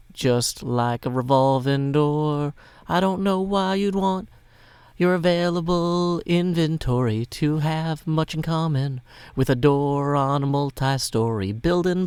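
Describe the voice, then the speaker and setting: A Tennessee man, a Minecraft YouTuber, chats playfully and at length over his gameplay, tossing in theatrical asides. His voice is a little high and mellow, with a clean tone and no echo.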